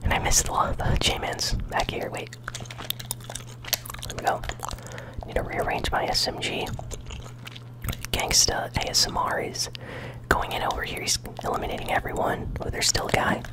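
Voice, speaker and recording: Chewing gum as they go, a channel host whispers their way through gameplay commentary at normal speed. The mood is relaxed and talkative, broken by bursts of excitement.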